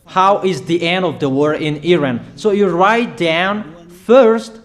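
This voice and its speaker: Preacher, male, higher-pitched, slow and emphatic, declaiming prophecy. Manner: declaiming, emphatic, repeats warnings, halting fillers. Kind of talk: prophetic sermon.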